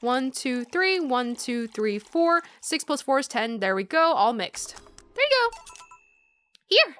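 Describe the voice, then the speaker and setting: A woman's voice: on the high side, lively intonation, measured pace, fairly bright tone. A woman casually commenting on a game from her home desk, chatty and giggly. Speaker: let's play host. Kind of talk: casual let's play commentary. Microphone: headphones with desk mic.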